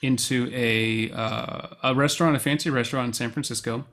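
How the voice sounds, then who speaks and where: US man recapping a film with excitement. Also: medium pitch, a little fast. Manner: animated storyteller, quotes lines in put-on voices. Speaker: podcast co-host. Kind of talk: casual chat, film recap.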